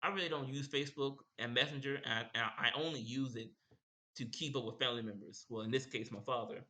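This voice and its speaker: A young man with a bright, forceful voice tells a casual story. He rambles and repeats himself often, like a streamer chatting to his viewers. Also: medium pitch, fairly even intonation, fast talker. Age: young adult. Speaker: streamer host.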